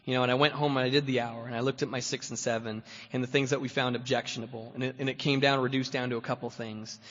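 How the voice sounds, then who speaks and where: A man speaking as guest at a recovery meeting, telling his story in a lively way and acting out what other people said, getting loud when excited. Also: medium pitch, fast. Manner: animated, acts out voices of others, grows loud when excited. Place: meeting hall. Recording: echoey hall, dull lo-fi recording.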